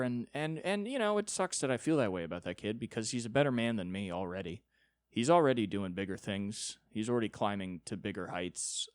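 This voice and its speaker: A man's voice: on the low side, no room sound, clean studio sound. A young man hosting a solo comedy podcast, telling a rambling, profane, self-deprecating story.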